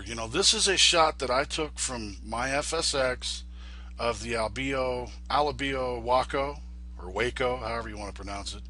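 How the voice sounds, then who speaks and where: A congested man talks through a computer tutorial in a loose, folksy ramble, often restarting his sentences. His voice is husky and bright, with a hoarse edge. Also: medium pitch. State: congested from a sinus infection. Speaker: flight sim video host. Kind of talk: casual tutorial talk.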